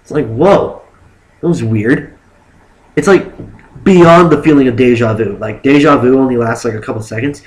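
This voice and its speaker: A young man telling a story casually on his vlog, animated and rambling, with lots of "like" fillers. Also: medium pitch, normal speed, rough recording. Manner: acts out exaggerated quotes of himself and others. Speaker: vlogger.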